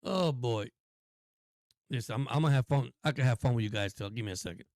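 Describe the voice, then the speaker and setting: A man's voice: mid-range voice, fast, darkish tone, no room sound, clean studio sound. A man hosting a casual live football stream, giving chatty play-by-play and talking to his viewers. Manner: chatty, laughs often, talks to viewers. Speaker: sports stream host.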